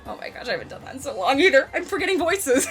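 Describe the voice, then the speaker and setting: Gamer host: woman, high and bright, giggly and excitable, faint game music under. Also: fast talker. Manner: excitable, giggly, gushing reactions. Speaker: gaming YouTuber. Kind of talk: let's play commentary.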